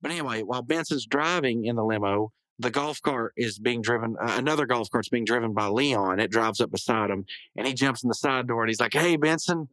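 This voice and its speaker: A man talks through an episode recap in a loose, meandering way, stopping to correct himself and tack on asides. His voice sits at an ordinary middle pitch. The sound is close and dry, with no room around it. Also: fairly quick, a bit bright, dry recording, low-quality recording. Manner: rambling, self-correcting, full of hedges and asides. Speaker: podcast host.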